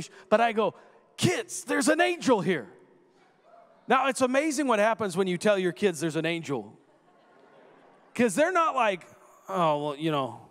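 A guest preacher in his thirties, with a high, lively voice, gives a sermon full of personal stories inside a long, echoing hall reverb. He narrates animatedly, acting out quoted voices and building up to shouts.

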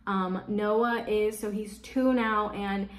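Woman, parenting vlogger, chatty and casual, lots of "like", mid-pitched voice, echoey room at home. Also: fairly even intonation, slow pace. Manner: chatty, leans on "like" as a filler. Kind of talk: casual chat to camera.

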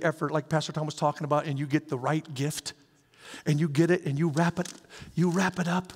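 Man preaching, pastor, high-pitched voice, lively conversational sermon, long hall reverb. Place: church sanctuary.

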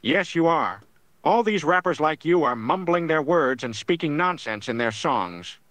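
A man's voice: on the high side, big pitch swings, a little slow, fairly bright tone, no room sound. A text-to-speech voice playing a grumpy older man who scolds and bosses people around. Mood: annoyed. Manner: scolding, bossy and easily annoyed. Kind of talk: text-to-speech chatbot character.

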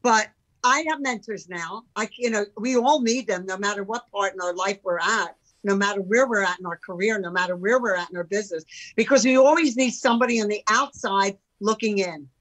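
An older woman, an entrepreneur appearing as a podcast guest, talks emphatically and animatedly in casual conversation, acting out the voices of people she quotes. Her mid-range voice moves a little fast, and the recording is rough.

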